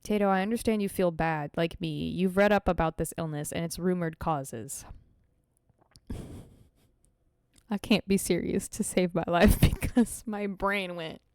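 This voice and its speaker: A woman streamer reading a visual novel aloud and breaking off into animated, slangy, swearing reactions to her chat. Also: on the low side, unhurried, smooth, no room sound, studio quality.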